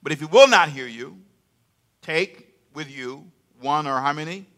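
A man's voice: on the high side, a little slow, pushed and bright. An older man preaching a sermon in a conversational way, repeating phrases and getting the congregation to answer him aloud.

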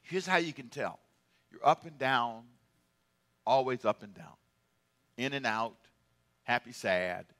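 A pastor preaching a lively, humorous sermon with call-and-response. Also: male voice, medium pitch, takes it slowly, long pauses.

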